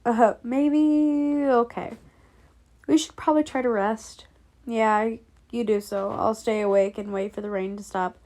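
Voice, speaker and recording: A woman's voice: medium pitch, fairly even intonation, normal speed, darkish tone. A young woman casually reading a fan story aloud, laughing often, swearing and breaking off to react. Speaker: fanfic reader.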